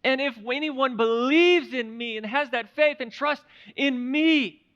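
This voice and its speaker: A man preaching a sermon as a pastor, moving between hushed, reflective passages and loud, emphatic declarations. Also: very high voice, unhurried, highs cut off. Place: church sanctuary.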